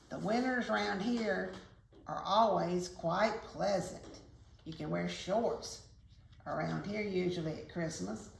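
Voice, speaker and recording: A woman reading a picture book aloud to children, with gentle, chatty asides. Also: lowish voice, takes it slowly, gravelly. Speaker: children's story reader. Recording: echoey room, faint hiss.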